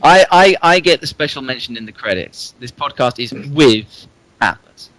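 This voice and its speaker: A man's voice: medium pitch, animated, moderate pace, a bit bright, rough recording. A man guesting on a casual podcast, playful and joking along.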